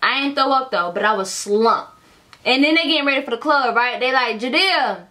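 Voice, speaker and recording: A woman's voice: high voice, normal speed, a little hiss or hum. A young adult woman vlogging casually, telling a storytime full of cursing and talking straight to her viewers as y'all. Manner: animated, profane storytelling, addresses viewers as y'all.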